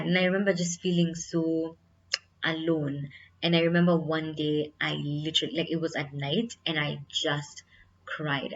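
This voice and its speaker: Low-voiced young woman, candid vlog. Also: lo-fi sound, a little hiss or hum. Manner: candid, earnest, many fillers like "like" and "you know". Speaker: vlogger. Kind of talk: casual reflective vlog.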